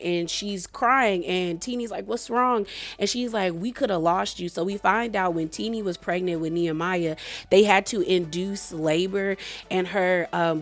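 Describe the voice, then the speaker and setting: A young woman giving a casual, animated recap of a reality show. She laughs often and acts out the lines she quotes. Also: lowish voice. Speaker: reality TV reviewer.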